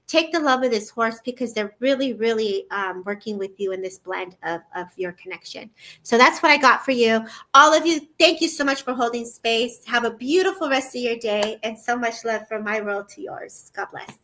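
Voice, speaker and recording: A woman's voice: a little high, bright, forceful tone. A woman psychic medium giving a live online reading, effusive and addressing viewers by name, with frequent repeats and restarts. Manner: repeats words and restarts, talks in a quick flowing stream.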